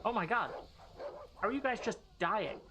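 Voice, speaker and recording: A woman streamer talks through her game in a loose, sarcastic way, teasing her chat and swearing freely. Her voice sits at a middling pitch for a woman. A faint hiss of noise stays under the recording. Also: animated, normal speed. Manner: playful, sarcastic, swears casually. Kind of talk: casual gaming stream chat.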